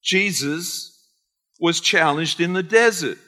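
A man with an Australian accent preaching a sermon as pastor, animated and acting out conversations. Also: a little high, slow. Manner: animated, acts out quoted conversations. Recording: long hall reverb.

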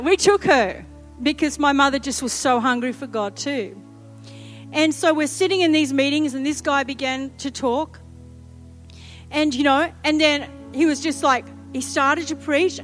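A middle-aged woman, telling a humorous story in a sermon and acting out the quotes. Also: high voice. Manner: lively, humorous, acts out quotes. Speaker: preacher.

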